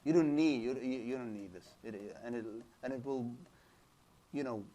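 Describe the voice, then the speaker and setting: Lecturing a class that asks him questions, this Islamic studies teacher mixes Arabic terms into his English, often restarting and repeating himself as he speaks haltingly. His male voice is middle-pitched and warm. The recording is muffled.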